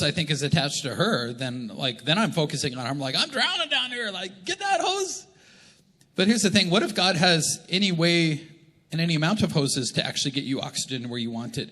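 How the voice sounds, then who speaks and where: Male pastor, fairly high, bright and forceful voice, chatty joking sermon, big church echo. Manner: conversational, joking preaching. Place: church auditorium. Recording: long church reverb.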